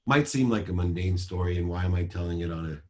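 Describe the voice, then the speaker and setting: A man in his forties giving a motivational talk over a video call, measured and emphatic, ticking through points like a list. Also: low voice, a little mellow. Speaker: motivational speaker.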